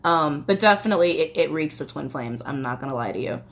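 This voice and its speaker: A woman's voice: sits low, expressive, fast talker. A woman chatting casually through a tarot reading, with a slight cough and a loose, swearing manner. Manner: chatty, swearing, reads song lyrics aloud. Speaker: tarot reader.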